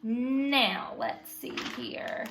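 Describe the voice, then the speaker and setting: A woman teaching a phonics lesson to young children, patient and slow, prompting them to repeat sounds after her. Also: fairly high pitch, sing-song, creaky, fairly bright tone, a little hiss or hum.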